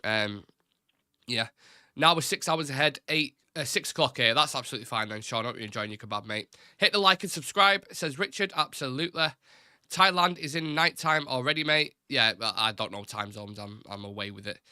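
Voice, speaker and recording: A man's voice: medium pitch, expressive, a little fast, sharp tone, clean tone, dry recording, studio quality. A man hosting a live fan stream, chatting casually and reading out viewer comments in a rambling, self-deprecating way. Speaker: host of a live fan show.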